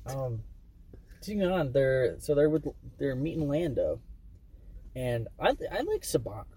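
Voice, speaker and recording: A man's voice: medium pitch, expressive, a little slow, warm tone, husky. A man co-hosting a podcast, chatting casually about movies and acting out scenes with silly voices. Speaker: podcast co-host. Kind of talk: casual movie review chat.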